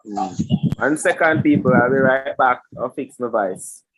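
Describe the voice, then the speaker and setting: A man's voice: medium pitch, a little slow, a bit bright, slight background noise, low-quality recording. A man hosting a live online webinar, chatty and improvising through technical trouble, his audio breaking up over a computer mic. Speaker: webinar host. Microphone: computer mic on a video call. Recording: broken-up online call audio.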